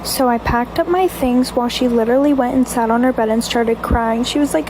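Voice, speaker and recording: A young woman with a high voice tells personal stories in a casual story-time format. She is candid and blunt and swears without hesitation. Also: fairly quick, hardly any pauses, noisy background.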